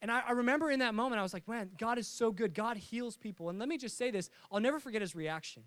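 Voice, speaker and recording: A young pastor tells stories from the pulpit in a lively, joking way, often acting out the voices of the people in them. His voice sits high for a man. The sound is dry and close, with no room echo. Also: fast. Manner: lively storytelling with jokes and acted-out voices. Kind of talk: sermon.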